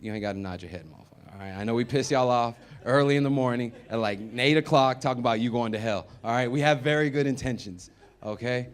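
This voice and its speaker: Dude doing stand-up, chatty storytelling, mumbles then gets loud for the punchlines, stage mic. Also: male voice, mid-range voice, fast talker, clean tone. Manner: conversational, swings from mumbled asides to loud punchlines. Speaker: stand-up comedian. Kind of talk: stand-up comedy set. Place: comedy venue with live audience.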